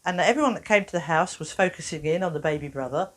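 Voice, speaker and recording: A woman with a lively storytelling manner, a therapist giving a workshop talk who acts out the people in her stories. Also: on the low side, fast talker. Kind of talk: animated talk to an audience.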